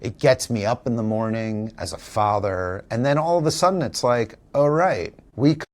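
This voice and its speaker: A man with a mid-range voice speaks at normal speed, telling a personal story in an interview. He is an actor appearing as an interview guest, as well as a father and teacher. His candid, conversational storytelling comes across as earnest, reflective, and emotional.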